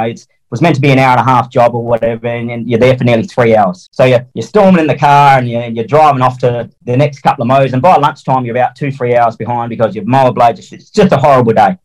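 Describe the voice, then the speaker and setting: A man in a casual interview, talking quickly at a mid-range pitch. His speech is blunt and colloquial, peppered with swearing and acted-out quotes. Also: poor audio. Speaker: interview guest, mowing franchisee.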